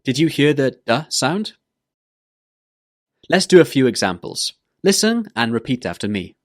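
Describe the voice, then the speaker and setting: Man, pronunciation teacher, scripted lesson, unhurried, animated pitch, dry close sound. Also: no echo. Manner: slow and deliberate, repeating words for learners to copy.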